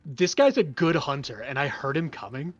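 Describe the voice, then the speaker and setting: A man's voice: fairly high pitch, big pitch swings, normal speed, dry recording, dull audio. A man talks casually as a player in a tabletop game and describes what his character does. His voice sits close and dry, with faint music behind him.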